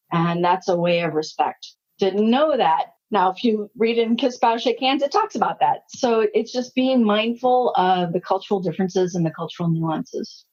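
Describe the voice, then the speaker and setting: A woman in her sixties, a leadership consultant, telling anecdotes in an interview and acting out the dialogue. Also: medium pitch. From United States. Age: 60s. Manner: anecdotal, animated, acts out quoted dialogue. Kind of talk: storytelling interview talk. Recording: slightly muffled audio.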